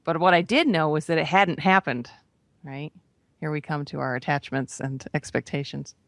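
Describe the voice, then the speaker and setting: A woman shares a personal story during a spiritual talk, speaking casually and checking in with her listeners. Her voice has a gravelly edge, and it is recorded dry, with no room sound. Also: deep voice, normal speed, no echo. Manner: conversational, often adds "right?" and "you know". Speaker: spiritual teacher. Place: radio broadcast.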